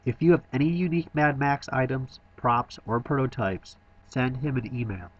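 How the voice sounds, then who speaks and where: A man narrates a toy shop review in a middle-pitched voice, enthusiastic and touched with dry humor. The recording sounds slightly dull and lo-fi. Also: moderate pace. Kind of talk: scripted voice-over narration.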